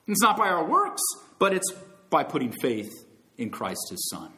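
Unhurried and with wildly swooping pitch, a man preaches as pastor, calling his listeners friends and brothers and sisters. He's emphatic, climbing to loud high peaks before sinking low and soft.

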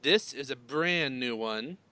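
A man's voice: medium pitch, lively intonation, slow, pushed and bright. A man hosting a playful quiz game on a podcast, explaining the rules and laughing often. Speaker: quiz host.

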